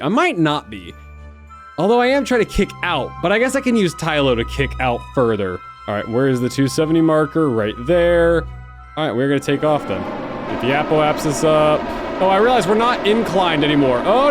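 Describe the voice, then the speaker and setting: Young male gamer, lively animated pitch, excited self-talking let's-play commentary, faint music underneath. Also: brisk. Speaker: gaming YouTuber.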